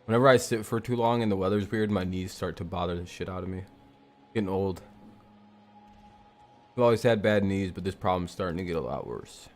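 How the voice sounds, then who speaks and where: Man, streamer, casual live chat, swears a lot, rambling, slightly low voice. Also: brisk. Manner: rambling, profane, jokey. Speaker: streamer watching a game live.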